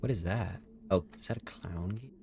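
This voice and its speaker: Fields: deep-voiced man, game commentary. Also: normal speed, gravelly, heavy background noise. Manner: chatty, argues with the characters, reads dialogue aloud. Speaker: streamer playing a story game. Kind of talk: casual let's-play commentary.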